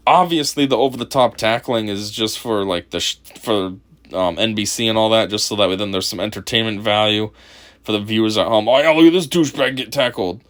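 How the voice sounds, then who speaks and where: A man's voice: lowish voice, a bit bright. A man hosting a casual video commentary, mocking and profane, laughing often. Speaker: commentary channel host.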